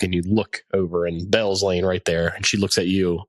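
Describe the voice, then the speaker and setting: A young man with a fairly low voice chats easily on a podcast, rambling and laid-back. The sound is dry and close, with no room around it. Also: level tone, fairly quick, no room sound. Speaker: podcast co-host. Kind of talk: casual chat.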